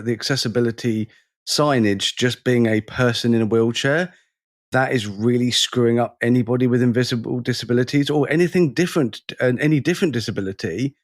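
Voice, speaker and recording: A man, co-hosting a podcast and telling a lively story in casual conversation, acting out the people in it. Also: medium pitch, no room sound, clean studio sound. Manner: animated storyteller, acts out the people in his stories. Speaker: podcast co-host.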